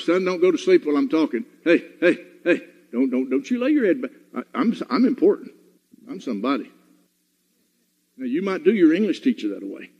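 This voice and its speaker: A man's voice: a little high, breathy edge. A man preaching a sermon, scolding his congregation in a fiery, repetitive way. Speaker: pastor. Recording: dull, reverberant hall recording.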